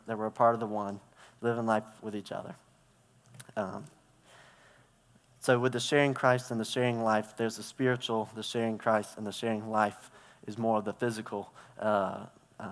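A man giving a conversational sermon in a church, telling stories and acting out parts as he goes. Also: fairly low pitch. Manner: conversational, storytelling with props and gestures. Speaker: preacher. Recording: reverberant hall.

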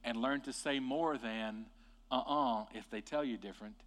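A man preaching a sermon with passion, rising to loud emphatic peaks and dropping to quiet, deliberate lines. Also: mid-range voice. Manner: impassioned, swings from hushed to loud and emphatic.

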